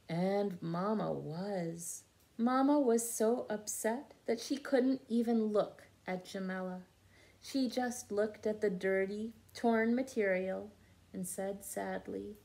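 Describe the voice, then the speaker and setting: A woman reads a children's picture book aloud at an unhurried pace, pausing to explain words to young listeners. Her voice sits at a middle pitch, and her delivery is patient and clear. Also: darkish tone. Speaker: storyteller for children. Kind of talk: children's read-aloud with word lessons.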